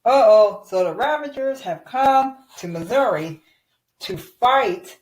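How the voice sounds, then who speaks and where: Woman co-player, very high and bouncy voice, teasing reactions, echoey room. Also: animated, takes it slowly, a little mellow. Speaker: co-player in toy play. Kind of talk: playful toy play chat.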